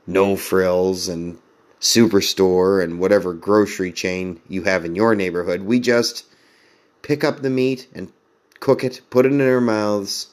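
Low-voiced man telling a story. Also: steady tone, a little slow. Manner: rambling, self-deprecating, chuckles as he talks. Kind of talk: casual storytelling monologue.

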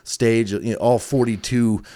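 A man co-hosting a podcast in casual chat, an animated storyteller with many fillers. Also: mid-range voice, a little slow. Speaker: podcast co-host.

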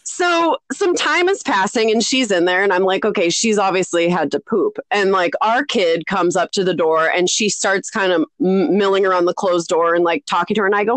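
Animated woman in her thirties telling a story. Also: fairly quick, few pauses, dry recording. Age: 30s. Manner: animated, acts out quoted voices with big pitch jumps; laughs often while telling the story. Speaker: podcast co-host. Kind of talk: casual storytelling chat.

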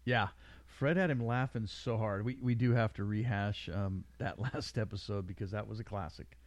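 A middle-aged man hosts a casual podcast in a low voice, rambling and laughing as he jokes. His voice sounds dry and close, with no room around it. He drifts from one thought to the next in a loose, easygoing way. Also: moderate pace, no echo. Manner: rambling, joking, laughs often. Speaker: podcast host. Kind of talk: casual chat. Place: small studio room.

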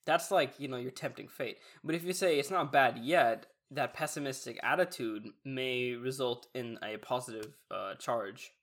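A man's voice: mid-range voice, moderate pace, hardly any pauses. A young man and college student hosting a casual chat, asking easy questions and laying out his thoughts. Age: young adult. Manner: relaxed, prompting questions, lays out his thoughts.

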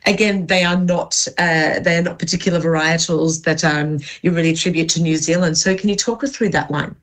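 A woman's voice: on the low side, fairly even intonation, fairly quick. A woman hosting a wine radio show, enthusiastic and gushing as she interviews a guest. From Australia. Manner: enthusiastic, gushing, laughs easily.

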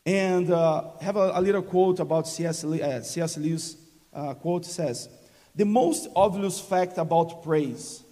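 Brazilian man preaching in halting English. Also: on the high side, warm tone, big-room sound. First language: Portuguese. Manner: halting, many restarts, laughs often, invites call-and-response. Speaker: guest preacher. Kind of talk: sermon.

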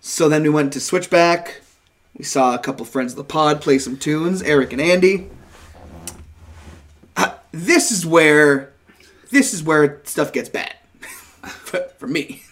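A man's voice: fairly high pitch, measured pace, pauses often, a bit bright. A young man telling a rambling, profane story on a casual podcast. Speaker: podcast co-host.

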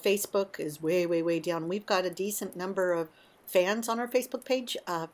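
A woman hosting a casual morning monologue, talking in an animated, emotional way with frequent asides. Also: lowish voice, moderate pace. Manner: warm, emotional, animated storytelling. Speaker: podcast host.

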